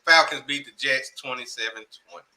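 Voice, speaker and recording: A man's voice: mid-range voice, a little fast, pushed and bright, a little hiss or hum, low-quality recording. A laid-back man co-hosting a sports picks show, using slang and reading off game stats. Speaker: co-host. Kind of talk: casual sports chat.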